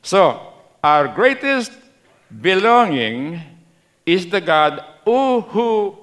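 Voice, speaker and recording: A middle-aged man with a Kapampangan Filipino accent preaches a sermon at an unhurried pace. His voice sits slightly high for a man, and he repeats his key lines slowly. He keeps asking the congregation to answer back. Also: big pitch swings, a bit bright. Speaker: pastor.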